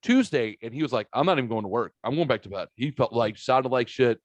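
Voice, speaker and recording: A man from the Saint Louis area hosting a podcast, telling a story in casual chat, animated, swearing and acting out quotes. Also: mid-range voice, quick pace, no echo. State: recovering from a sinus virus. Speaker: podcast host.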